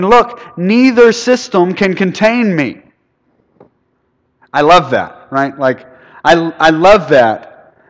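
A man preaching a casual sermon to students, often asking them questions and swinging from loud to soft. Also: fairly high pitch. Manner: conversational, asks the room questions, swings between loud and soft. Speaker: youth pastor. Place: church building. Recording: long hall reverb.

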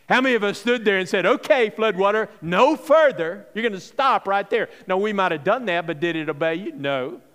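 A male pastor delivers a sermon in an easy, conversational manner and keeps checking in with his listeners through rhetorical questions. His voice sits high for a man. The sound rings with the long reverb of a large hall. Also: a bit bright, smooth.

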